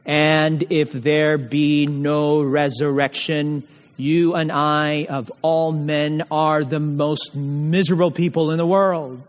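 Male preacher, high voice, slow and emphatic, rhetorical questions, sermon in a reverberant hall.

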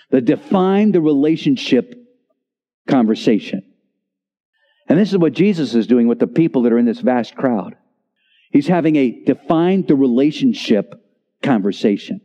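Animated older preacher in a reverberant hall. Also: male voice. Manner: animated, dramatic pauses, dropping low on key words. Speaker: pastor. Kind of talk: sermon. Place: church sanctuary. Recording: reverberant church hall, slightly dull.

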